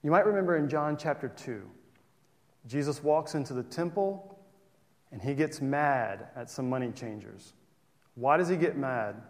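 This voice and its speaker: A man's voice: mid-range voice, expressive, moderate pace. A man preaching a sermon as pastor, conversational and full of rhetorical questions. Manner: conversational, asks rhetorical questions, restarts phrases. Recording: long hall reverb.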